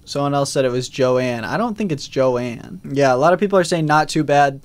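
A man's voice: mid-range voice, animated, a little fast. A man casually commentating a live stream, reading out chat votes and poll results with frequent fillers.

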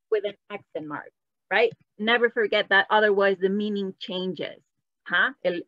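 A woman's voice: mid-range voice, pushed and bright, no echo. Spanish teacher woman quizzing an online class. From Latin America. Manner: switches between English and Spanish, quizzing the chat. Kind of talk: live online language class. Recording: dull, slightly lo-fi dry sound.

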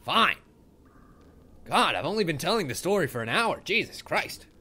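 A young man commentating over gameplay in a sarcastic, comedic way, swearing and panicking loudly, with game music behind him. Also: fairly high pitch, sing-song, normal speed, husky. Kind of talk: comedic let's play commentary.

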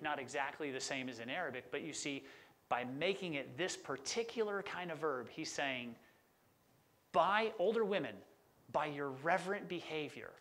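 Enthusiastic pastor, higher-pitched man. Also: fairly bright tone. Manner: conversational, enthusiastic about word meanings. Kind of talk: sermon.

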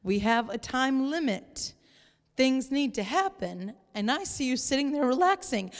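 High-voiced woman pastor preaching in a hall. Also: measured pace. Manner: animated, playful, acts out exasperated voices. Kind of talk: sermon. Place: church sanctuary.

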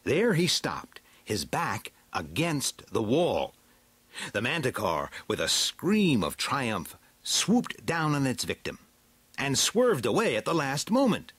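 A man reading a storybook aloud with a slow, dramatic, swooping delivery. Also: medium pitch, huge pitch swings, a bit bright, slightly rough, no echo. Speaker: narrator.

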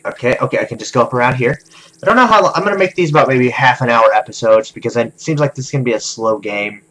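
A young man calmly commenting on his own gameplay, talking to himself with many "okay"s. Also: medium pitch, fast, rough recording. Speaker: gaming video host. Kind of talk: let's play commentary.

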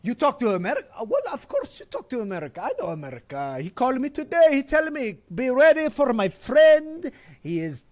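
A man voicing a pushy, fast-talking shopkeeper with a heavy put-on accent in an improvised comedy sketch. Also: very high voice, huge pitch swings, full character voice. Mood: pushy salesy. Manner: heavily accented, pushy salesman patter.

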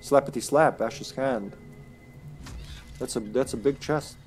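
Male game streamer, mid-pitched, casual, playful accent-switching. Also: slow, darkish tone, husky, soft background music. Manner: joking, swearing, slipping into put-on accents. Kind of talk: casual gameplay commentary.

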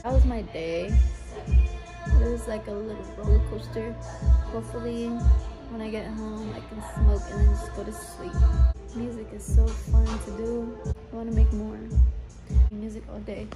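A woman's voice: fairly high pitch, normal speed, pauses often, loud music behind the voice. A young woman vlogging late at night in a recording studio, telling her day's story in a loose, profane, ranting way. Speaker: vlogger and singer. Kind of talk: casual chat to camera.

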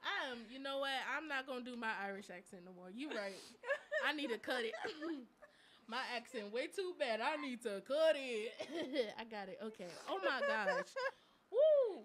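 High, lively woman with a bright voice. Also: moderate pace, a crowd in the background. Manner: animated, laughing, dramatic storytelling. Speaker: co-host. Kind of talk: casual chat on live radio.

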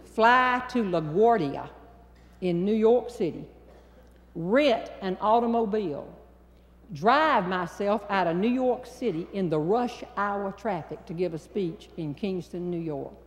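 An older woman with a North Carolina Southern accent, telling a comic story on stage in an animated, drawling way. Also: medium pitch, a little slow. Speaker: humorist. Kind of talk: stand-up storytelling. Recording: hall with long reverb.

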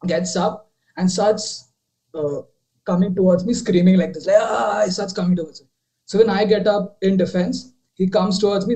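A man's voice: sits high, poor audio. A young man telling a ghost story on a video call, rambling with many fillers and restarts. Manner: rambling, many fillers and restarts, drops quieter while retelling.

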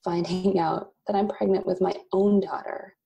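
A woman in her thirties, a company founder and podcast guest, telling a candid personal story with bursts of laughter and animated asides. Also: lowish voice, normal speed, vocal fry, muffled recording. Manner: emotional, laughs often, quotes God in animated asides.

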